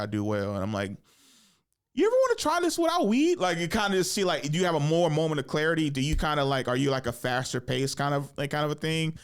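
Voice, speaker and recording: A young man with a mid-range voice and vocal fry hosts a casual podcast; he's also a stand-up comedian. He's an animated storyteller who swears a lot and jumps into different voices.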